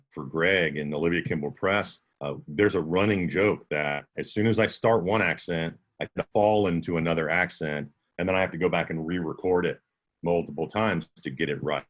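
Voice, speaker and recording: A man with a low voice answers questions at a workshop about audiobooks. He explains things in a relaxed, conversational way, like a working narrator sharing tips. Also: normal speed.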